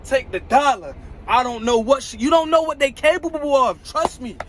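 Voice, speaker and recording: A man's voice: very high voice, normal speed, fairly bright tone, rough recording. A man, a truck driver, telling a story to his viewers in casual slang, repeating phrases and speaking straight to them.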